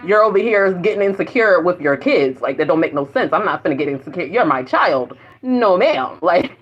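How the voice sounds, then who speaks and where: A woman's voice: lowish voice, animated, normal speed, breathy edge. A woman vlogging in a casual spiritual monologue, rambling and profane, often breaking into laughter. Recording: dull lo-fi recording.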